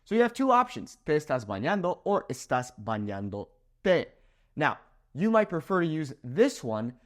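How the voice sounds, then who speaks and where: A man's voice: on the high side, normal speed. A man teaching a grammar lesson at a whiteboard, explaining step by step and checking in with "okay?" after each point. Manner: animated, checks in with "okay?" often. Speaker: Spanish teacher. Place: room with a whiteboard.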